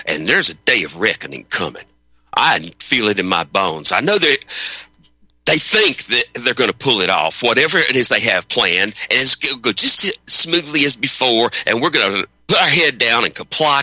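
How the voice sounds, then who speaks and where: Fervent, defiant radio talk host. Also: male voice, fairly low pitch, pushed and bright, no echo, low-quality recording. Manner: fervent, defiant, rising to emphatic peaks. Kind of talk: impassioned radio monologue.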